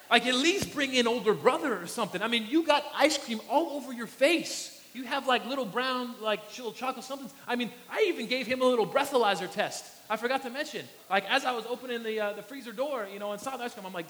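A man preaching a sermon and telling a family story in an animated way, acting out his small son's voice. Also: high voice, quick pace. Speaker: pastor. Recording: long reverb of a large hall.

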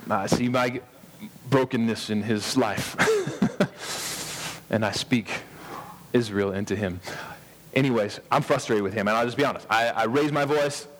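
A man in his thirties preaching a sermon as a pastor, earnest, pausing for emphasis and often restarting his words. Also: medium pitch, long reverb tail.

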